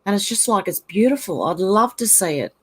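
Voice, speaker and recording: A woman's voice: medium pitch, animated, fairly quick, husky. Chatty Australian woman reading comments. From Ireland, raised in Australia. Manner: chatty, laughs often, reads comments aloud. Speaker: channel host reading viewer comments. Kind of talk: casual livestream chat.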